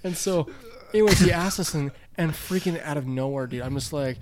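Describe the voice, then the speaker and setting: Podcast host, male, casual and animated, laughs easily. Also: a little high, fast. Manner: animated storyteller, laughs a lot, says dude. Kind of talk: casual chat.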